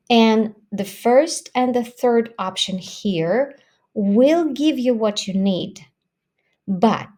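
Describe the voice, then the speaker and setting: A woman explaining language points as an English teacher, in a measured, instructive way, reading example phrases aloud. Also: mid-range voice, darkish tone. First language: Russian. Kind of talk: explanatory lesson.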